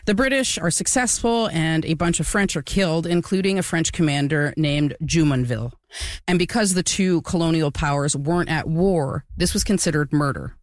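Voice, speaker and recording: A woman's voice: deep voice, normal speed, no room sound, studio quality. A woman co-hosting a casual history podcast, explaining events with a few fillers. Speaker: podcast co-host.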